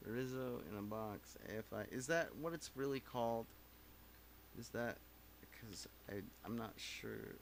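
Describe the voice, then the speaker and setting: Slow, rambling man live-streaming. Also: mid-range voice, gravelly, a little hiss or hum. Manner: rambling, profane, self-mocking. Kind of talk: casual live-stream chat. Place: home recording setup.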